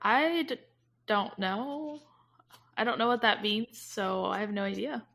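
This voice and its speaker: Woman co-host, bright voice, slow unhurried delivery, giggly, playful. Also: a little high, expressive, vocal fry. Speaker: podcast co-host. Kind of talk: casual chat.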